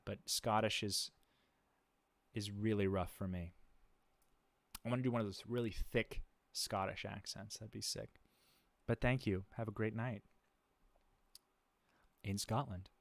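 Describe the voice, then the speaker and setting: A man with a lowish voice, recorded with no echo, hosts a livestream. He chats casually and laid-back, with frequent chuckles, fillers and restarts.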